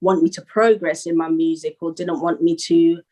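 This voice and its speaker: Young london woman, kinda low voice, easygoing, laughs a lot. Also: level tone, normal speed, warm tone, rough recording. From Northwest London, England. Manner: laid-back, laughs often, many "you know" fillers. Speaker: rapper guest. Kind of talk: casual interview.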